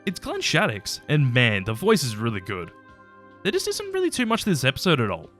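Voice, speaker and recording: Fast, animated man reviewing episodes. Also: medium pitch, faint music behind. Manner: chatty and opinionated, with mild swearing. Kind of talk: casual commentary ranking episodes.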